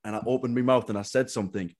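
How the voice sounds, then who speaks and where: A man hosts a casual chat and talks at a rapid clip. He is enthusiastic and swears freely. He restarts his sentences often as the words tumble out. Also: medium pitch, steady tone, a little mellow. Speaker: podcast host. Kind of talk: casual conversation.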